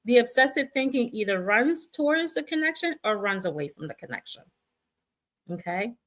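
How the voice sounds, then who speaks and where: A woman's voice: fairly high pitch, very animated, moderate pace. A middle-aged woman hosting a casual spiritual guidance talk, speaking reassuringly to her viewers and acting out the voices in their heads. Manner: warm, reassuring, acts out viewers' inner voices.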